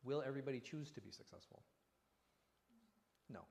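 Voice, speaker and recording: A man's voice: mid-range voice, brisk, vocal fry. A man leads a conversational religious lesson as an imam, often tossing rhetorical questions at his listeners. His voice sits in a middle register. It carries a long reverb, recorded in a mosque hall. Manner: animated, asks rhetorical questions. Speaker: imam teaching a class.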